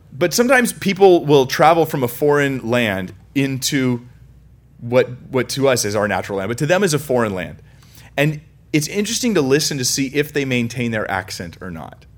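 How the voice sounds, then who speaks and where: A man from California preaching a sermon at a mid-range pitch. He drives his points home with sudden loud, high stresses, then drops to quiet, low lines. He slips in self-mocking humor and chuckles. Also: big pitch swings, moderate pace. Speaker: pastor.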